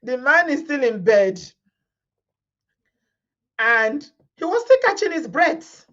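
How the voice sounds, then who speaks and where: A woman reads a story out loud and chats over it, laughing often as she goes. Her voice sits fairly high. The sound is dull and lo-fi. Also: very animated, takes it slowly. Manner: laughs often, breaks into giggling. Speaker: storytelling host reading viewer stories. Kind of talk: casual story reading with commentary.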